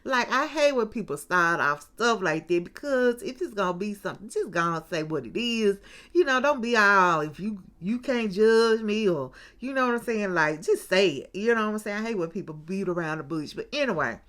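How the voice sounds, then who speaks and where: A woman's voice: medium pitch, animated, brisk, fairly bright tone. Chatty woman recapping reality TV. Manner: chatty storyteller with frequent asides to viewers; acts out what people said. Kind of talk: casual recap commentary.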